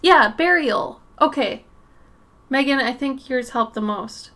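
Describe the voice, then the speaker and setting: A woman with a light Minnesota accent talks to her viewers in an unhurried, rather high voice. She chats casually during an art stream, laughs a lot and stumbles over words now and then. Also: expressive, pushed and bright. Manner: chatty, laughs often, trips over words. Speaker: art livestream host. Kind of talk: casual livestream chat with viewers.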